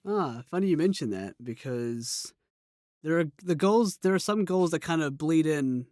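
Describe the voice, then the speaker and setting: A man's voice: a little high, animated, moderate pace, darkish tone, dry recording, studio quality. A man from New Zealand, a voice actor guest, talking in an easygoing, encouraging and joking way in a casual interview.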